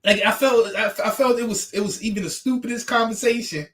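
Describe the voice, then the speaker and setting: Animated man chatting casually on stream. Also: high voice, a little fast. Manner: animated, repetitive, laughing and teasing. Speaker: livestream host talking with guests. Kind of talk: casual livestream chat.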